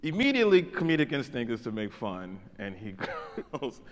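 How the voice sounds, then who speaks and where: A man, a comedian on a conference panel, telling a rambling story in a relaxed, casual way. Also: mid-range voice, brisk, long reverb tail, crowd noise. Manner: laid-back, rambling, heavy on "like" and "you know". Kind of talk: casual onstage conversation, storytelling. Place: conference stage in a large hall.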